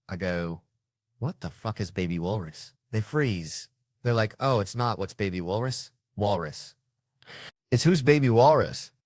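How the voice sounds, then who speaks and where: A man's voice: low voice, dry recording. A middle-aged man doing a stand-up comedy set, telling brash, profane family stories and acting out the quotes.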